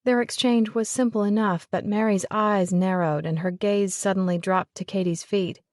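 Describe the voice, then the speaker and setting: A woman narrating a romance audiobook in an even, measured way. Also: mid-range voice, no echo, clean studio sound. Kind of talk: scripted narration of a romance novel.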